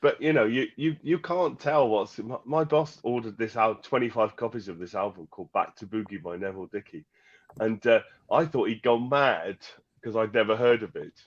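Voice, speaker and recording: A man's voice: fairly low pitch, moderate pace, lo-fi sound. A man from the United Kingdom, a guest music expert, telling stories casually, laughing often and stumbling over his words. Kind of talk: casual storytelling.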